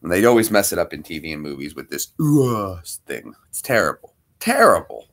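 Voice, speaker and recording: A man's voice: deep voice, big pitch swings, brisk. A man hosting a casual livestream, greeting viewers by name and talking to his dog between topics. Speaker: livestream host.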